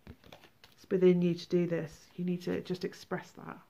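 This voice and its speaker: A woman giving a tarot reading, animated, exclaiming and acting out feelings. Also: fairly low pitch, moderate pace, gravelly, muffled recording. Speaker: tarot reader.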